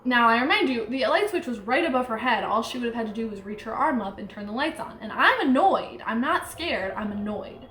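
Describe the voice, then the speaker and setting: A woman's voice: fairly high pitch, expressive, fairly quick, few pauses, fairly bright tone, slight background noise. A young woman vlogger telling a true ghost story in a rambling, casual way, full of "like". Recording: echoey room.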